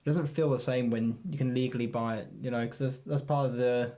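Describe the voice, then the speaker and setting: A young man in his twenties with an ordinary mid-range voice chats on a podcast. He is relaxed, asks his co-host questions and slips in dry jokes. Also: medium pitch, brisk. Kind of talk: casual chat.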